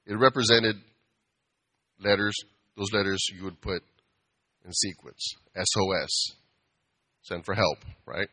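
Man, casual preacher-style talk, bright forceful tone, animated storytelling with humor; asks the crowd for amens. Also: lowish voice, measured pace, long pauses. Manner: animated, asks the audience for amens, acts out bar customers. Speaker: speaker giving a talk.

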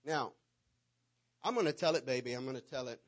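A man, preaching to his congregation and telling a lively personal story, swinging between loud bursts and hushed asides. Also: medium pitch, brisk. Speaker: pastor.

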